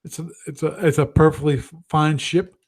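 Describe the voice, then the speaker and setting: A man's voice: fairly high pitch, level tone, fairly quick. A man hosting a live stream, chatting casually and thinking aloud, with frequent restarts and self-deprecating asides. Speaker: host of a gaming livestream.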